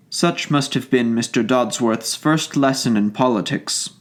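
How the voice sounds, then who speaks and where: A man narrating a classic story as an audiobook, in a measured, formal literary reading. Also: mid-range voice.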